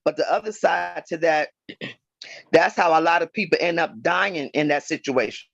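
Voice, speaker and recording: A man, a church elder, speaking frankly in a group discussion on a video call, clearing his throat often. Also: fairly high pitch, moderate pace, fairly bright tone, no room sound, muffled recording.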